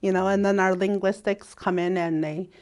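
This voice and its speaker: A woman teaching a language lesson. She speaks in a relaxed way, laughs often and draws out her example words. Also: mid-range voice, normal speed.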